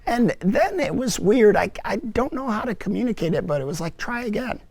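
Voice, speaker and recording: A man giving a personal testimony to a parents group, telling his story earnestly and reflectively, with halting restarts. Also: high-pitched, big pitch swings, gravelly, a little mellow.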